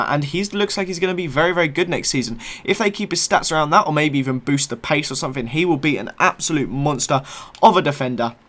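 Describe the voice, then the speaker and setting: A man's voice: mid-range voice, bright, forceful tone. A young man giving casual, upbeat commentary on a football video game squad, often correcting himself as he goes. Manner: chatty, self-correcting, upbeat. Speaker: gaming YouTuber.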